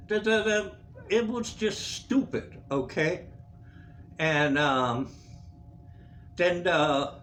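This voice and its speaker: A man's voice: fairly high pitch, fairly bright tone, slight background noise. A man telling a profane story in a casual rant, laughing often as he goes. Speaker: vlogger.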